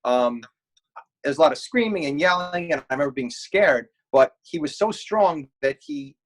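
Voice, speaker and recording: A man's voice: on the high side, big pitch swings, normal speed, low-quality recording. Man, 40s, alumnus guest, wry anecdotal delivery. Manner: wry, storytelling with humor. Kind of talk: reminiscing interview answers.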